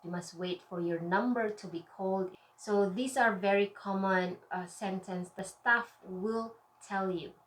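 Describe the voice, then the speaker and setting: A woman teaching a language lesson, drawing out example words slowly and checking in with a frequent "okay?". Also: mid-range voice, slight background noise. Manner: slow, drawn-out enunciation of example words.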